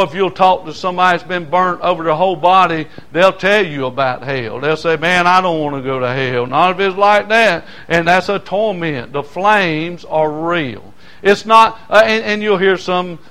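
An older man preaching hellfire from the pulpit in a high, bright voice. He climbs to loud, stretched-out cries and drops back low, calling out for amens. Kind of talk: fiery sermon.

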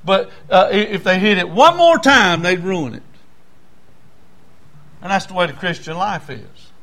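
A man's voice: high-pitched, animated, a little slow, a bit bright. A man preaching a sermon in a folksy, storytelling way. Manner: folksy, storytelling, acts out voices in anecdotes.

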